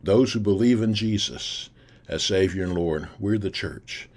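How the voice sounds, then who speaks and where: A man's voice: low voice, a little slow, darkish tone. A man preaching an earnest, encouraging sermon for a recorded video, repeating his key phrases. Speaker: pastor. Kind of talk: recorded sermon to a youth camp.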